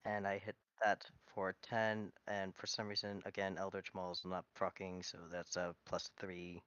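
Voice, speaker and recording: Man, tabletop player, low pitch, smooth voice, dry lo-fi sound. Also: monotone, normal speed, fairly bright tone, no room sound. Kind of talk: tabletop game play, casual.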